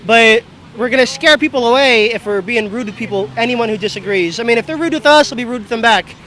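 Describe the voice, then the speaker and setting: A man with a very high voice speaks on camera at an outdoor rally. He rambles and loses his thread, then circles back with a casual, self-aware manner. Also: fast talker, sharp tone, poor audio. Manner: rambling, easily distracted, laughs at himself. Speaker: rally attendee. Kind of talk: on-camera street interview.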